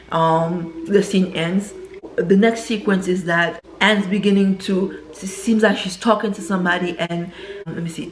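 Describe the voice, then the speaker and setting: A woman's voice: fairly low pitch, a little hiss or hum. A woman casually recapping a film plot, often checking in with the listener as she goes. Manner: chatty, frequently checks in with "right?". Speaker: film reviewer. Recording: echoey room.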